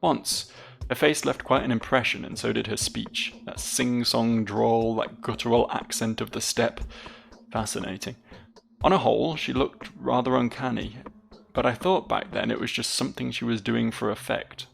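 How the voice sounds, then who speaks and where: An anxious, suspicious young nobleman from a video game, read aloud by a man. The voice is heavily gravelly. Lines run earnest and dramatic, with high lifts on worried questions. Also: steady tone, normal speed. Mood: brooding.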